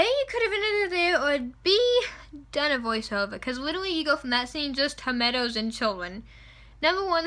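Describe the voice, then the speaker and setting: A young woman rambling excitedly and with strong opinions in a casual vlog, close to a camera mic indoors. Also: a little high. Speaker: vlogger reviewing a film. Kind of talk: casual chat. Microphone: camera mic at close range.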